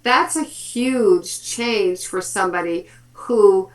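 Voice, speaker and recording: Brief: woman in her fifties, therapist, chatty and animated in a web chat. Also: medium pitch, slow. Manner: lively storytelling, quotes kids and family. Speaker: speech and language therapist.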